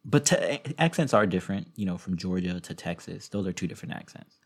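A man's voice: low voice, lively intonation, a little fast, breathy edge. A man hosting a podcast, telling stories in a casual, rambling way with frequent restarts. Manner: rambling, self-interrupting storyteller with frequent restarts. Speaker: podcast host.

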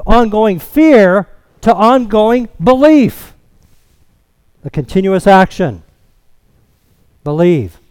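A man preaching a sermon, expounding scripture in an emphatic, deliberate way. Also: high-pitched, darkish tone, smooth, no room sound. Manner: slow, emphatic expository preaching.

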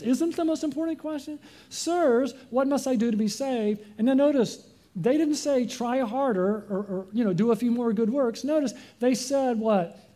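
A man's voice: high-pitched, dark tone. A male pastor delivering a sermon, asking the congregation rhetorical questions.

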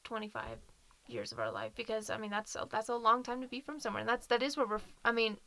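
A woman's voice: a little high, lively intonation, fast talker, a bit bright. A woman from Nashville with a Southern accent, co-hosting a podcast in casual, earnest, emotional chat. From Nashville, Tennessee. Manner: earnest, emotional, laughs easily. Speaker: podcast co-host.

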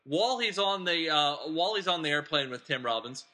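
A man's voice: fairly high pitch, animated, fairly quick, pushed and bright. A man hosting a podcast, casually recapping a film plot in a rambling, digressive way and chuckling as he talks. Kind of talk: casual chat.

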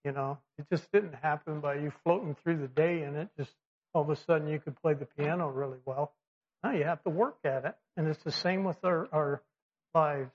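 Speaking briskly in a fairly high voice, this man delivers a sermon full of fillers and false starts, animatedly performing the quoted voices. The setting seems to be a church or slide-equipped classroom, captured with dull, lo-fi sound.

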